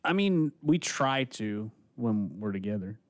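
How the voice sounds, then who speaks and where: A man co-hosting a movie podcast, his pitch bouncing around with lively swings. He talks in an easygoing, slightly hesitant way. The sound is close and dry, with no room around it. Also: measured pace, no echo. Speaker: podcast co-host. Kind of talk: casual chat.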